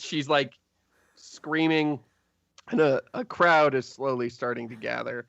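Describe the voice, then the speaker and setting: Laid back guy running a tabletop game, slowish, dull dry sound. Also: medium pitch, steady tone, vocal fry, a bit bright, no echo. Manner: laughs often, loose and chatty. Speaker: game master.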